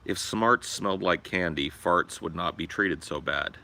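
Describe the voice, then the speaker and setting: Deep, forceful-sounding young man. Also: a little slow, slight background noise. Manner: crude, profane and joking. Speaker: livestream host. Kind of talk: casual livestream chat.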